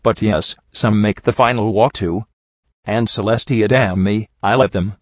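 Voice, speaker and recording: A man doing a low, calm pony priest. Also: no echo. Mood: pained. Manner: calm, measured, gently reasoning. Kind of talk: audiobook reading. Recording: dull lo-fi dry recording.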